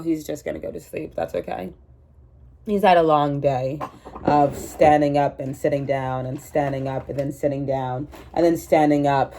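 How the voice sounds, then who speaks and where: Deep and darkish with some vocal fry, this voice belongs to a woman in her twenties who's got a cold. In a casual vlog shot at home on her camera's own mic, she rambles to viewers and makes fun of herself.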